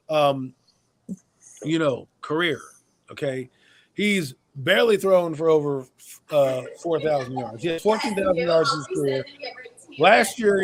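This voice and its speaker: Male podcast host, high-pitched, blunt and opinionated, casual sports chat.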